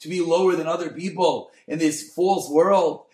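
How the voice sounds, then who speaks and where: A man, a rabbi, giving a Torah class on a Mussar text, mixing Hebrew terms into English and swinging from soft to loud. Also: fairly high pitch, moderate pace, reverberant. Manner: expressive, dynamic delivery, swings from soft to loud.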